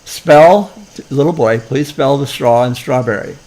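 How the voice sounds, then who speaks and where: A man puts on a tired ice cream counter lady in a told joke. She speaks plainly at an everyday pitch and keeps her patience with a pushy kid. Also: a little slow, darkish tone, poor audio. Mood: patient. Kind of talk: joke telling.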